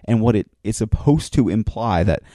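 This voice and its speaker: Host, male, lowish mellow voice, dry close sound, excitable storyteller who rambles and restarts. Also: normal speed, no echo. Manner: enthusiastic storyteller, acts out quoted lines. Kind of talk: casual recap of a TV episode.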